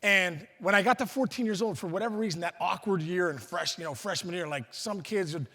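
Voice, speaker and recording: A man's voice: high-pitched, fairly quick, sharp tone. A middle-aged man from Pittsburgh gives a storytelling speech at a luncheon. He acts out the voices of the people he quotes and often restarts his sentences. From Pittsburgh, USA. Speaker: guest speaker. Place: large banquet hall. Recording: reverberant banquet hall.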